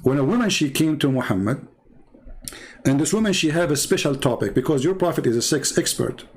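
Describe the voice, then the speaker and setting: Insistent man debating, slightly high voice. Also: lively intonation, fairly quick. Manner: insistent, repeats himself, reads texts aloud and translates. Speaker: debate host. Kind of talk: heated religious debate.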